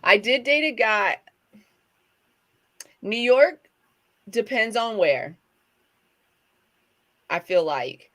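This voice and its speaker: A woman's voice: fairly high pitch, big pitch swings, very slow, long pauses, a bit bright. A middle-aged woman co-hosting a casual chat, rambling and correcting herself as she talks. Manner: chatty, rambling, self-correcting. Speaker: co-host.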